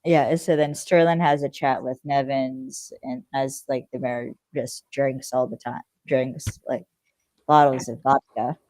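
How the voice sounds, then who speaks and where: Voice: medium pitch, fairly even intonation, a little slow, darkish tone, no room sound. A podcast co-host recapping a TV episode in casual chat, rambling with lots of fillers and acting out the characters' lines.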